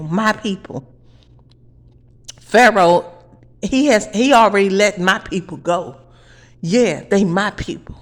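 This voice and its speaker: A woman delivering a heated, profane monologue in her apartment, preaching and repeating her phrases. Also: medium pitch. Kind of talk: angry monologue to camera.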